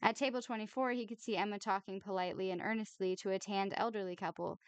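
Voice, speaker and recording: Smooth-voiced woman reading a novel aloud. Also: mid-range voice, dry recording. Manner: measured, expressive narration.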